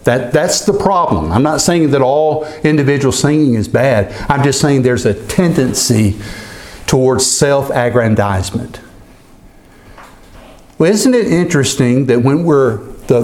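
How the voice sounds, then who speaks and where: Measured man preaching a sermon. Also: medium pitch, darkish tone. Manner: measured preaching that slows for scripture readings. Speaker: pastor.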